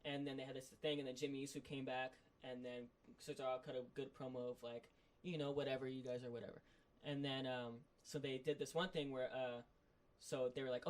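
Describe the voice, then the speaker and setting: Fast, rambling male podcast co-host. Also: medium pitch. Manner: excited rambling recap full of "like". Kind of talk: casual chat.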